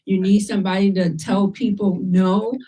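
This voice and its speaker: Mellow-voiced woman host, a bit distant. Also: lowish voice, normal speed, a little hiss or hum. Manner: encouraging, conversational, uses lively quoted asides. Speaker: talk show host. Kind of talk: casual talk show chat.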